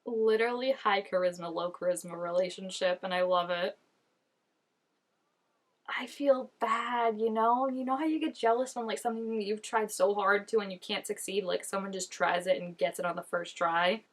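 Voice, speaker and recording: A woman in her twenties giving chatty, animated reaction commentary while watching an episode, with lots of "like" fillers. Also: medium pitch, normal speed. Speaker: reaction channel host.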